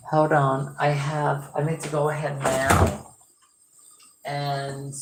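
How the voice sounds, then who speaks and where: Low-voiced woman chatting slowly at home. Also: reverberant, a little hiss or hum, rough recording. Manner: rambling, chatty, exclaiming often. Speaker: doll restoration vlogger. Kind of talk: casual live-stream chat. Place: home room with stored boxes.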